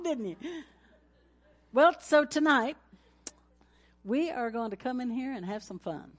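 A woman's voice: fairly high pitch, big pitch swings, moderate pace, long pauses. A woman pastor, preaching a folksy sermon with announcements and laughter, ending in a fervent prayer.

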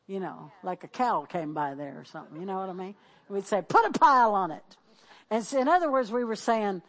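A woman's voice: mid-range voice, vocal fry. A middle-aged woman pastor preaching, exhorting the congregation with call-and-response and repeated declarations. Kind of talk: sermon.

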